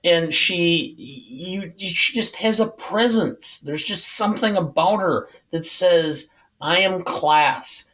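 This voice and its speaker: A male podcast co-host talks at an unhurried pace, offering film trivia with dry humor. His voice sits a little high. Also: lively intonation, fairly bright tone. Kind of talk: casual movie podcast chat.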